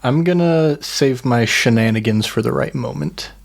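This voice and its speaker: A man playing a tabletop game, chatting quickly and offhand. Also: medium pitch, creaky. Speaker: player. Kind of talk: casual chat.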